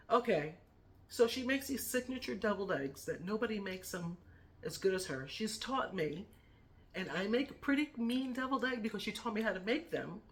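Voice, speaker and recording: A middle-aged woman speaking a heartfelt, emotional tribute to a family member in her vlog, fighting back tears. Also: medium pitch. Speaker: vlogger.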